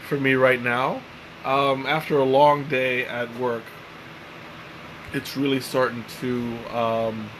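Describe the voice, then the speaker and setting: A tired, relaxed man hosting a live tea-tasting stream, chatting casually and rambling with lots of fillers and restarts. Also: medium pitch, noisy background. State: tired and mellow. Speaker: tea livestream host.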